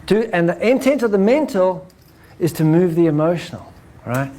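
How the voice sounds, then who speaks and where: A man's voice: high voice, big pitch swings, moderate pace, dark tone. A man presenting a spiritual talk to a live audience in a casual style, often checking in with "right?". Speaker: speaker presenting his book and method.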